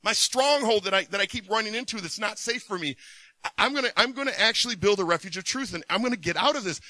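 Male preacher, high bright voice, animated sermon, loud bursts and hushed asides, dry close sound. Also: fast talker, no room sound.

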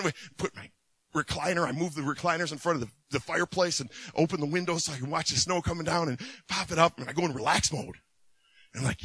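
Male preacher, high bright voice, animated sermon, loud bursts and hushed asides, dry close sound. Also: fast talker, slightly rough, no echo.

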